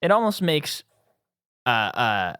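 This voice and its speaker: A man's voice: medium pitch, very animated, slow, bright, forceful tone, clean tone, no room sound, studio quality. A man co-hosting a podcast in casual movie chat, rambling with many ums and easy laughs. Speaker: podcast co-host.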